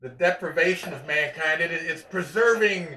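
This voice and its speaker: A man's voice: a little high, normal speed, bright, forceful tone. A man co-hosting a live-streamed podcast, rambling and mocking himself as he chats. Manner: rambling, joking, self-mocking. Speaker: podcast co-host. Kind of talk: casual chat. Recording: echoey room, mic far off.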